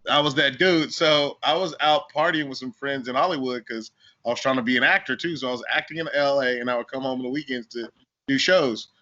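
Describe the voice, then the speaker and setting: Bright, animated man telling stories. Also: medium pitch, a little fast. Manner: animated, laughing, swears freely. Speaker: podcast co-host. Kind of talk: casual chat and storytelling. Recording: dull lo-fi audio.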